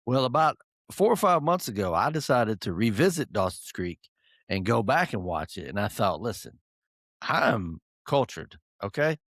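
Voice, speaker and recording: A man's voice: fairly low pitch, very animated, normal speed, a bit bright, dry recording, studio quality. A middle-aged man, co-hosting a podcast in casual chat, joking and teasing and laughing often. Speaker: podcast co-host.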